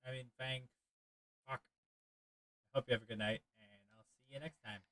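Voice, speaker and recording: A man streaming a game live, chatting casually and excitably with his viewers and rambling as he plays. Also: mid-range voice, moderate pace, no echo, rough recording. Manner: excitable, rambling, talks to chat, swears.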